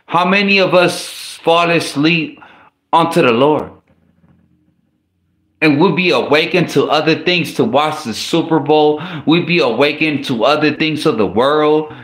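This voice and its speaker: A man talks through a sermon in a loose, conversational way, full of restarts and slang asides. His voice sits fairly high. The sound carries a roomy echo. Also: a bit bright. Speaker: preacher. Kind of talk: casual sermon.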